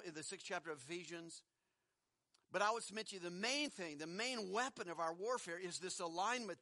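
High bright-voiced male preacher. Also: dry recording, studio quality. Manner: conversational, rhetorical questions, chuckles between points. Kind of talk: sermon.

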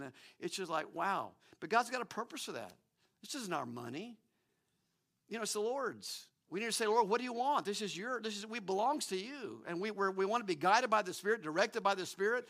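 Male pastor, high bright voice, emphatic sermon delivery with frequent restarts. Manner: animated, emphatic preaching with repeated restarts.

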